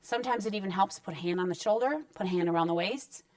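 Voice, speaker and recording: A woman's voice: mid-range voice, fast, a little mellow. A woman in a parenting counselor role talks through discipline tips in a conversational, reassuring manner. She sits back from the mic, so her voice sounds slightly distant. The room adds almost no echo. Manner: conversational and reassuring, acting out short parent-child exchanges. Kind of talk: direct-to-camera parenting advice talk.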